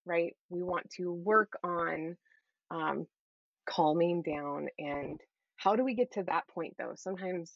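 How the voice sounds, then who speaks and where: A middle-aged woman talking as an interview guest, earnest and encouraging, often tagging her points with a quick "right?". Her voice sits at a middling pitch. The sound is a little dull and very dry, with no room echo. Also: vocal fry. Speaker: guest, Christian parenting coach. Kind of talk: conversational interview.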